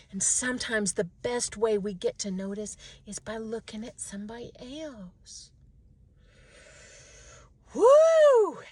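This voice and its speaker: A middle-aged woman in a casual self-reflective monologue, animated and talking to herself. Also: fairly high pitch, dry recording. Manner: animated, talks to herself, mimics others' voices. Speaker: vlogger.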